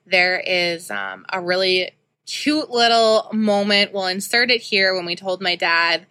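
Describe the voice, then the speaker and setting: A woman in her thirties talks through a personal story on her podcast, candid and chatty, full of ums and likes. Her voice is bright and forward. It is recorded close on a dry mic with no room sound. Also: mid-range voice, measured pace, no room sound. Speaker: podcast host.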